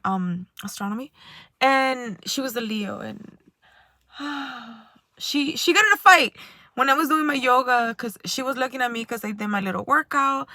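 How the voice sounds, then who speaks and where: High, bright-voiced woman rambling a story. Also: no room sound. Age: adult. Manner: rambling and animated, often laughing. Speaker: spiritual vlogger. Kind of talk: casual storytelling monologue.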